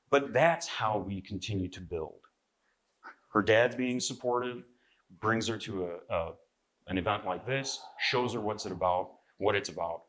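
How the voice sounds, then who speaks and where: Man, seminar presenter, magazine editor, lowish voice, bright tone, conversational. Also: measured pace, a little hiss or hum. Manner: conversational, frequent "right?" to the audience, clears throat. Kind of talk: live seminar talk to an audience.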